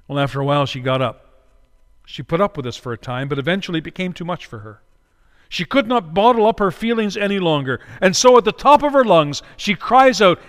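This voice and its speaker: A man preaching a sermon as pastor, dramatic, moving between hushed words and loud cries. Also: fairly high pitch, long reverb tail.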